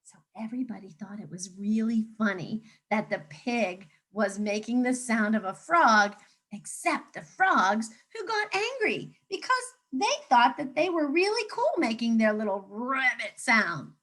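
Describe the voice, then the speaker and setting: Animated woman teacher reading a storybook aloud. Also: on the high side, unhurried. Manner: animated and coaxing, asks children questions. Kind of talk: reading a picture book aloud to children.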